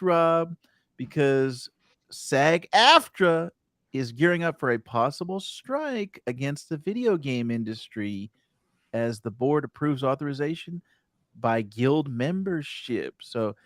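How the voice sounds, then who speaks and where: A man's voice: mid-range voice, no echo, clean studio sound. A man hosting a casual gaming podcast, reading out news items and asking his co-hosts for their views. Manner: animated, reads news items aloud. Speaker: podcast host.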